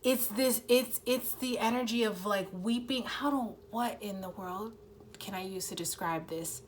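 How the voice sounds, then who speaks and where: A woman's voice: mid-range voice, a little slow, slight background noise. A woman giving a casual, earnest tarot reading to her viewers. She swears freely, uses many fillers, and fights back tears. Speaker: tarot reader.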